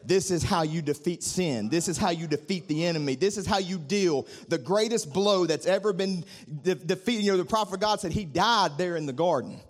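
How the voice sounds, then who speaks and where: A man preaching a sermon, swelling into a singsong cadence and easing down into quiet prayer. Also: sits high, brisk. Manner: preaching with rising fervor, singsong cadence, drops to soft prayer. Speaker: pastor.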